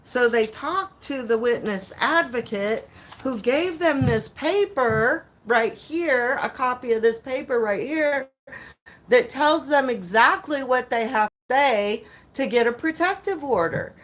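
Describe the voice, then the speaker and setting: A woman telling viewers an animated, indignant story about her court case, acting out the exchanges and swearing now and then. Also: high voice, measured pace.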